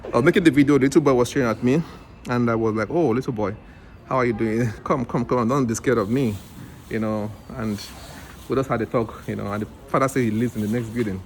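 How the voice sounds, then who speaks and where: A man's voice: mid-range voice, fast talker, a little hiss or hum. Nigerian man telling a rambling story. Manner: animated, acts out dialogue with rambling restarts. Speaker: English teacher vlogger. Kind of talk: casual storytelling vlog.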